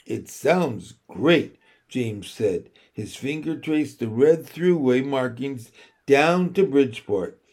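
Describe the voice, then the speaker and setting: Slow, measured male storybook reader. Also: medium pitch, lively intonation, darkish tone. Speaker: audiobook reader. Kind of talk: scripted narration.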